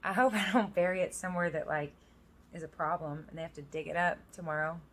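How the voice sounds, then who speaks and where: A woman in her thirties talks straight to her viewers in a casual vlog. Her voice sits a little low, and she turns reflective and earnest as she reads verses aloud. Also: steady tone, quick pace, slight background noise. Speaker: vlogger. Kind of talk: casual personal vlog with scripture reading. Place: outdoors in the rain.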